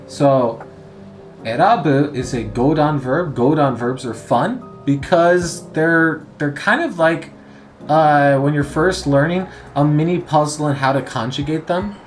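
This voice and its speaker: A man talks through a language lesson in a relaxed, explanatory way, pausing often with "uh"s. His voice sits a little high and his delivery is unhurried. Faint music plays softly in the background. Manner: relaxed and explanatory, many "uh"s and pauses. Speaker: Japanese language teacher. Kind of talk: casual spoken lesson.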